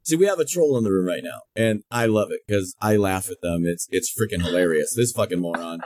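A man's voice: low voice, expressive, brisk, a little mellow, a little hiss or hum. An older man hosting a heated political talk show, blunt, mocking and defiant. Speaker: host.

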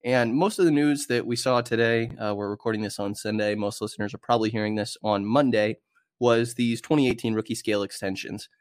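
Congested low-voiced podcast host man. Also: no room sound, clean studio sound. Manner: relaxed, conversational, with fillers. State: congested, slightly nasal. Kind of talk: casual sports podcast chat.

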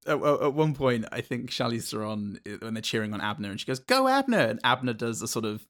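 A man's voice: mid-range voice, steady tone, fast, a bit bright. A man co-hosting a casual podcast, chatting about a film in a hesitant, rambling way with sweary banter. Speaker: podcast co-host.

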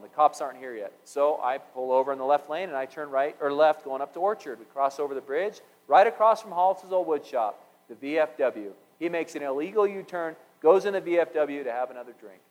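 A man's voice: fairly high pitch, darkish tone, poor audio. A man telling a story in a sermon, acting out the dialogue as he goes.

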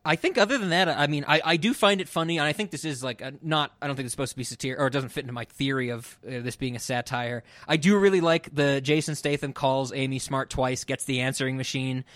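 A man's voice: mid-range voice, fast, hardly any pauses, a bit bright, dry recording. A man co-hosting a podcast and chatting casually about a film. He rambles and acts out the lines he quotes. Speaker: podcast co-host.

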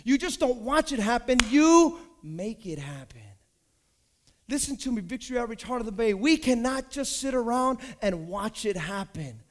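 High-voiced preaching man. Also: very animated, normal speed. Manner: storytelling, building to shouted preaching. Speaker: pastor. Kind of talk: sermon.

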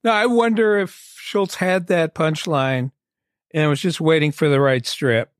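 A man's voice: a little high, measured pace. A man on a podcast, telling a self-deprecating story about his own early comic strip. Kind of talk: casual podcast discussion.

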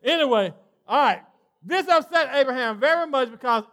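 A male pastor with a Southern US accent, preaching an animated sermon and acting out voices in call-and-response style. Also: very high-pitched, normal speed. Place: church sanctuary with congregation.

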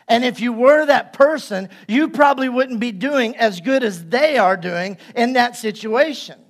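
High-voiced man preaching with playful asides. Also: fairly bright tone. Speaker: pastor. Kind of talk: sermon.

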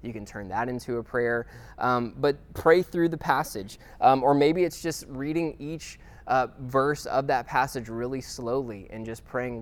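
A man's voice: medium pitch, unhurried. Chatty man teaching a Bible study. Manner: conversational, with frequent fillers and restarts; checks in with listeners. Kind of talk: casual teaching talk.

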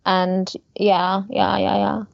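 A woman's voice: mid-range voice, little pitch movement, slow, gravelly, highs cut off. A young woman, an actress, chatting casually and giggling often, with lots of fillers. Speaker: actress, co-host. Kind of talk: casual chat.

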